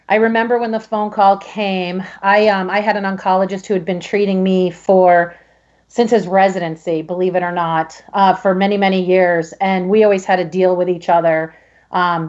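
A middle-aged woman from Connecticut, a podcast guest, telling a personal story in a halting way with many restarts. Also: lowish voice, muffled recording. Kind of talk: emotional personal interview storytelling.

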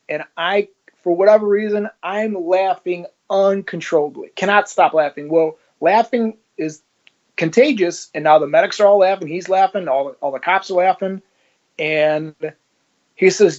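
A man's voice: high voice, brisk, a little mellow. A middle-aged man, a former police officer, telling his story in a casual interview and acting out the dialogue he quotes. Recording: slightly muffled lo-fi audio.

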